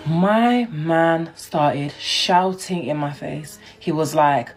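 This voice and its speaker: A woman's voice: low-pitched, slow, hardly any pauses, faint music behind. Chatty young woman. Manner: chatty, indignant, laughing as she tells it. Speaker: vlogger. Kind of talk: casual storytime.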